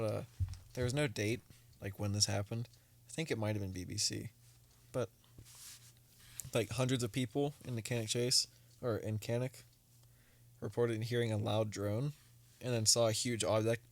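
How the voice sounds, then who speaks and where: A man's voice: fairly low pitch, gravelly. A young man hosting a casual podcast, joking and reading reports aloud to his friends. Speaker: podcast host.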